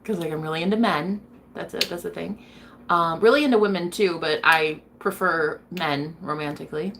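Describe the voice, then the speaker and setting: A woman's voice: fairly low pitch, normal speed, gravelly, a bit bright, a little hiss or hum. A woman streaming to her viewers, chatting casually as she reads their comments. She is blunt, swears freely and laughs often. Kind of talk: casual livestream chat.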